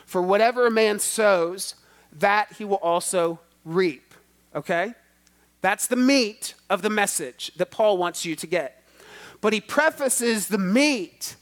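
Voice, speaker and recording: A man's voice: high-pitched, slow pace. A man preaching a sermon in a church, stretching out key words and swelling with emphasis. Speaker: pastor.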